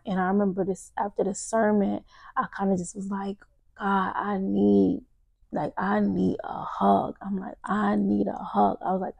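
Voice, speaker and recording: A woman's voice: mid-range voice, vocal fry, a little mellow, no echo. A young woman hosting a podcast, telling a personal story in casual talk, acting out her own quotes and saying "y'all" often. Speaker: podcast host. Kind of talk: casual testimony to listeners.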